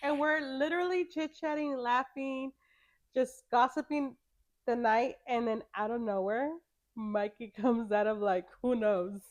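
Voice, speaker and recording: A woman's voice: on the high side, unhurried, dull audio. A woman co-hosting a podcast who chimes in and teases during casual chat. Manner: chimes in, teasing. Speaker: podcast co-host.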